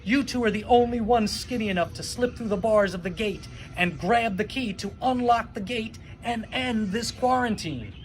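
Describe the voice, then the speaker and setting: A man's voice: sits high, moderate pace, hardly any pauses, pitched above the performer's own voice. A man playing a show-off schoolboy hero. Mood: bossy.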